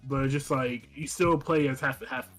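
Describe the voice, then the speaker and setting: A man in a casual gaming podcast chat, talking haltingly and filling nearly every phrase with "like". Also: mid-range voice, a bit bright, faint music behind. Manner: halting, filler-heavy, says "like" constantly.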